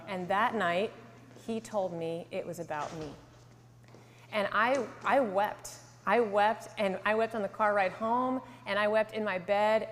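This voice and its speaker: A woman's voice: medium pitch, slight background noise. Woman in her 30s, hall reverb. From Connecticut, USA. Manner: earnest storytelling, drops to a soft hush for emotional lines. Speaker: speaker giving a testimony. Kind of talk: faith talk to a live audience.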